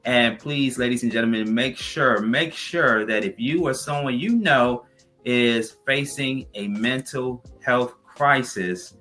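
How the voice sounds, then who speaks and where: A man hosting a talk show with a bright, sharp voice, moving through questions and upbeat promotional shout-outs. A soft music bed sits faintly beneath him. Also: medium pitch, slow pace.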